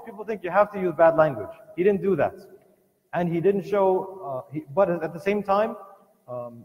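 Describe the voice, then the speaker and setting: Man, fairly high voice, earnest lecture, emphatic, long hall reverb. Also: darkish tone. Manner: earnest, emphatic storytelling with frequent restarts. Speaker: lecturer at a community family program. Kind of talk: religious lesson retelling a scholar's life.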